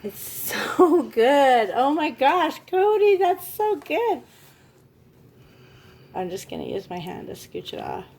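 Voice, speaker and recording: A woman's voice: sits high, huge pitch swings, measured pace, long pauses, darkish tone. A woman hosting a casual family vlog, gushing and encouraging in a motherly way. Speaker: family vlog host, parent.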